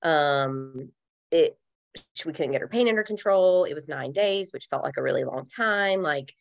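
A woman with a notably low, deep, creaky voice speaks at a moderate pace as a podcast guest, recounting a painful personal story. She is candid and emotional, talking loosely and packing her sentences with "like."

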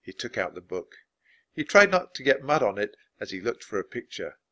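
Expressive man reading a children's book. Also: normal speed. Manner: expressive, dropping low for narration. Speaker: storybook reader.

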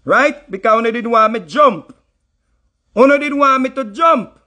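Indignant high-voiced Jamaican man. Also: normal speed, sharp tone. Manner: indignant, repetitive, mocking. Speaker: reacting artist. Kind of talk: heated reaction commentary.

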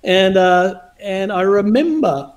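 Guy telling a story on a video call, high voice swinging all over, laughs a lot. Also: slow pace, low-quality recording. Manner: animated, laughs often, acts out dialogue. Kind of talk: casual storytelling chat.

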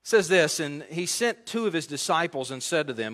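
Lively high-voiced pastor preaching. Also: male voice, moderate pace, few pauses. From United States. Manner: animated, conversational, asks the congregation questions. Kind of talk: expository sermon.

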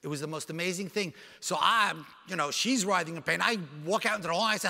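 A man giving a keynote speech, telling a dramatic personal story in an animated way and acting out the dialogue. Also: high-pitched, creaky. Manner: animated, acts out dialogue with quick voice changes. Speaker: keynote speaker. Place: large conference hall. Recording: reverberant conference hall sound.

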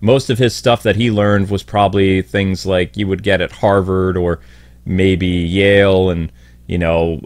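A man's voice: deep voice, no room sound. A man giving rambling, opinionated commentary with frequent fillers. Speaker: video commentator.

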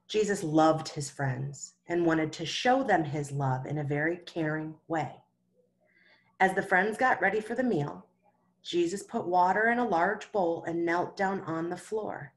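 A woman with a slightly low voice leads a Sunday school lesson. She tells a Bible story to children in a gentle, patient way, pausing often to ask them questions.

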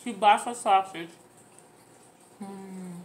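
A woman's voice: medium pitch, slow pace. A woman hosting an eating video from home, chatting casually to camera and talking with her mouth full between bites. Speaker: mukbang host. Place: at home with children nearby.

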